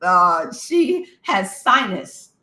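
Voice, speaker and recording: A woman's voice: medium pitch, very animated, drawn-out words, pushed and bright, reverberant, rough recording. A woman co-hosting a podcast in casual chat, telling stories and acting out the people she quotes. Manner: storytelling, acts out quoted voices with laughter. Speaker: podcast co-host.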